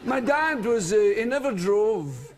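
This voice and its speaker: A man's voice: high-pitched, sing-song, measured pace, a faint crowd. A Scottish man telling comic stories as a talk show guest, laughing through them. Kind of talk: comic storytelling. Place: television studio with audience.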